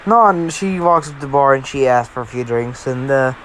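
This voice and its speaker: A man's voice: mid-range voice, animated, fairly quick, heavy background noise. A man casually improvising a fan-fiction story, rambling with lots of fillers and self-corrections.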